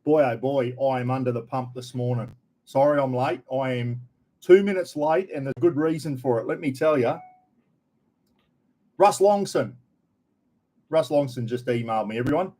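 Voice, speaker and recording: A man's voice: medium pitch, moderate pace, pauses often, warm tone. A middle-aged Australian man hosting a casual live stream, greeting viewers one by one with a friendly, chatty manner. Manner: chatty, friendly, lots of g'day mate.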